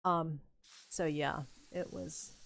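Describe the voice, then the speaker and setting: An older woman streaming a building game, telling rambling, unhurried stories about her youth with plenty of fillers and chuckles. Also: sits low, fairly even intonation, creaky, a bit bright. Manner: rambling, unhurried anecdotes with frequent fillers and laughs. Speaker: gaming streamer. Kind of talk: casual storytelling while building in a game.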